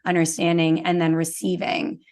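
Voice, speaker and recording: A woman's voice: fairly low pitch, monotone, normal speed, a little mellow. A young woman with a Canadian accent, a guest in a casual interview, talking earnestly with many fillers and little acted-out quotes. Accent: Canadian English. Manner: earnest, filler-heavy, acts out quoted thoughts. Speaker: podcast guest, business owner.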